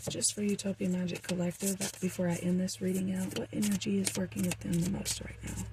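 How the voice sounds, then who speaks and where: A woman's voice: fairly low pitch, flat delivery, a little fast, background noise. A young woman doing a casual, rambling tarot reading for her viewers, with frequent fillers. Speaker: tarot reader.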